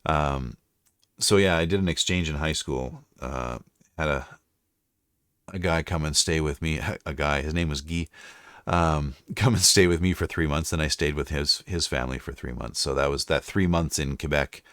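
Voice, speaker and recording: A man's voice: rumbling low, moderate pace, a bit bright, clean tone, no echo, clean studio sound. A Canadian man chatting casually on a live stream, rambling and chatty, now and then slipping into French. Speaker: livestreamer and voice-over narrator.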